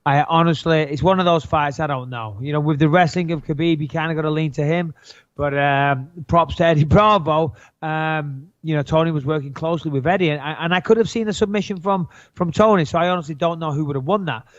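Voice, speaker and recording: Man, podcast co-host, blunt, casual swearing, higher voice, dry muffled audio. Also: steady tone, fairly quick, dry recording.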